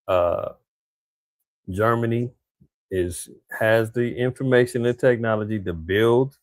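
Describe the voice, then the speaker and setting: A man hosting a casual news commentary show, talking in an animated, slangy way and mimicking the leaders he quotes. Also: medium pitch, no echo.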